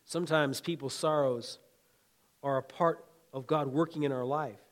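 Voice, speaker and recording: A man preaching a sermon in a folksy, conversational way, swinging between loud emphatic lines and quiet asides, with chuckles. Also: medium pitch, steady tone, moderate pace. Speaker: pastor.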